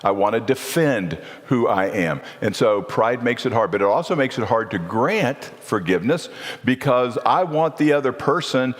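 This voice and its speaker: A middle-aged man preaches in an earnest, conversational way, putting questions to his listeners as he teaches. His voice sits at an ordinary pitch for a man. The sound carries the long reverb of a church hall. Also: lively intonation, moderate pace. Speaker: marriage seminar speaker. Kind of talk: sermon.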